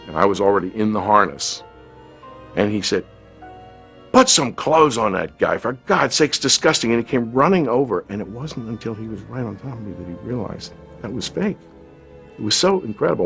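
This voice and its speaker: A deep-voiced actor calmly looks back on a shoot, stumbling now and then as he talks. Faint music plays behind him. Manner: reflective, measured with hesitant restarts. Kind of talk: interview recollection. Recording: light music underneath.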